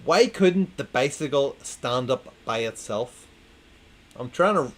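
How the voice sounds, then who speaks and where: A man's voice: mid-range voice, lively intonation, slow pace. A drunk man reads dad jokes, repeating each punchline and laughing at his own jokes. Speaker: host reading dad jokes. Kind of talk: casual tipsy dad-joke reading.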